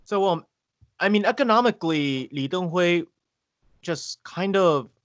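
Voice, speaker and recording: A man from Taiwan talks as a podcast guest in casual conversation. His voice sits a little high, and the sound is dry and close with no room echo. He tells his stories haltingly, full of fillers and restarts. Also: lively intonation. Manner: hesitant, halting, filler-heavy storytelling.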